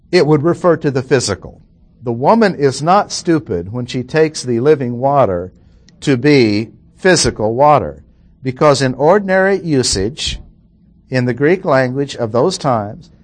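A man gives a verse-by-verse Bible lesson at a very unhurried pace. He explains carefully and deliberately, repeating key phrases for emphasis. His voice sits at an ordinary middle pitch. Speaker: Bible teacher.

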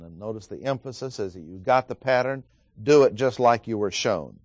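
A man's voice: on the low side, lively intonation, normal speed, dry recording. A man teaching a Bible study lecture, methodically stressing key words as he reads scripture aloud, with frequent "uh" fillers between thoughts.

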